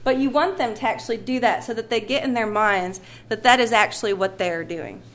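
A woman's voice: fairly high pitch, fairly quick, a bit bright. A woman teaching a music lesson, patient and encouraging, sometimes singing short phrases to demonstrate. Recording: echoey room with faint ambient noise.

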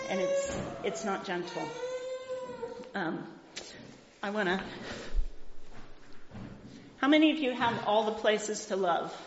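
A middle-aged woman giving an enthusiastic, emphatic talk to a live audience and reading passages aloud, in an echoey lo-fi hall recording. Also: mid-range voice. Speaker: speaker.

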